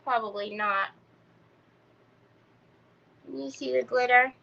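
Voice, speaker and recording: A woman's voice: fairly high pitch, fairly even intonation, slow pace, vocal fry, bright, forceful tone, lo-fi sound. A middle-aged woman, chatting and telling stories to viewers while crafting on a live stream. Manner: chatty storytelling, talks to viewers. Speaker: craft livestream host. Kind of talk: casual chat while crafting.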